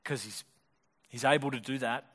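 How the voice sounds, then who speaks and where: A male pastor preaching a sermon in a fast, conversational way, often restarting his sentences. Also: mid-range voice, fairly bright tone. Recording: long hall reverb.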